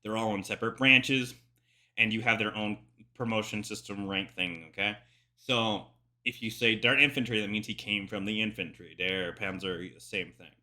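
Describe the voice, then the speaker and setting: A man's voice: on the low side, normal speed. A man casually reacting to a history documentary, explaining with frequent swearing and side remarks. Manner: profane, animated, digressive explainer. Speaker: military history reaction host.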